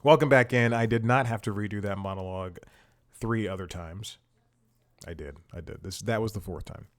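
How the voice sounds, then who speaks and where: A man's voice: sits low, moderate pace. A man hosting a comedy podcast. He talks in a casual, rambling monologue, mocks himself, and chuckles between sentences.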